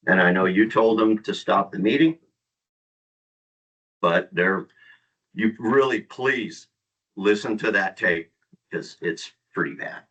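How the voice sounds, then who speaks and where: A man's voice: on the low side, slow, pauses often, fairly bright tone, husky, far from the mic, highs cut off. A man making a hesitant, aggrieved public comment at a board meeting.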